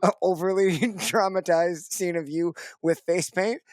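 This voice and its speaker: Teasing co-host, higher voice, dry. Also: male voice, fairly even intonation, unhurried, dry recording. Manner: laughs often, teasing. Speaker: podcast co-host. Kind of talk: casual chat.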